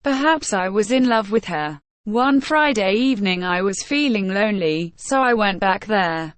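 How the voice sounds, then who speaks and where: A woman's voice: mid-range voice, expressive, normal speed, no room sound. A woman reading a first-person story aloud at a careful pace meant for learners of English. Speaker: audiobook reader. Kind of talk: scripted first-person narration of a graded reader.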